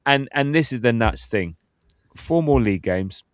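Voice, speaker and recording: A man, hosting a casual football podcast, chatty and quick to laugh as he reads out listener comments. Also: medium pitch, animated, clear, resonant tone, no echo, studio quality. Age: 50s. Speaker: podcast host.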